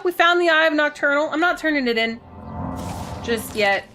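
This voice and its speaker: Silly woman gamer streaming, bright highish voice, super bouncy, chatting w chat. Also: expressive, normal speed, faint music behind. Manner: playful, silly, chats to viewers, giggles. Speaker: game streamer. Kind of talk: casual gaming stream chat.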